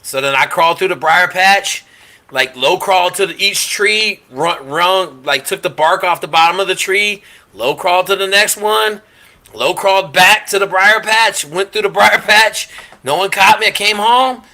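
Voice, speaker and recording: A man, a former SEAL on a panel, telling stories in casual chat and shouting out the quoted lines. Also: high-pitched, normal speed.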